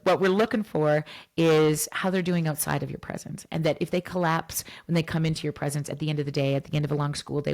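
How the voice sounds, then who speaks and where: Low, gravelly woman. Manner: animated, acts out dialogues, switches to soft whispers. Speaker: psychologist guest. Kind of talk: podcast interview.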